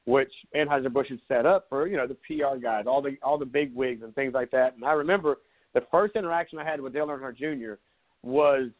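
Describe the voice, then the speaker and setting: This fortysomething sports talk host from South Carolina is a rambling storyteller, sarcastic and easygoing, chatting live and casually. He has a medium-pitched voice and a fairly quick delivery, heard through a tinny, phone-like connection.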